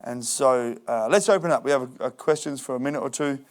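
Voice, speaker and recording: In a church hall, a male pastor with a medium-pitched voice delivers a fairly quick sermon. He keeps it lively with jokes and performs people's excuses for comic effect.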